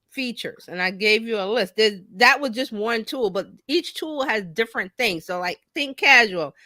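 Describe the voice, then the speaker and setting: A woman marketing coach talking casually on a podcast, animated and chatty, laughing often. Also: fairly high pitch, normal speed, few pauses, no echo.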